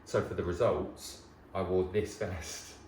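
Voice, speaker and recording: A man, chatting casually to camera in an excitable, nostalgic way. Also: low voice, a little slow, echoey room, background noise. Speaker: vlogger host. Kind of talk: casual chat.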